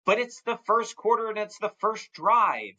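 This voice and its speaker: A man chats about football on a podcast, his voice bright and edgy. His pitch swings widely as he acts out what teams might say. He drifts into side tangents as he talks. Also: moderate pace, dull audio. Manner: animated, acts out imagined quotes. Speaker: podcast co-host. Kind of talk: casual sports chat.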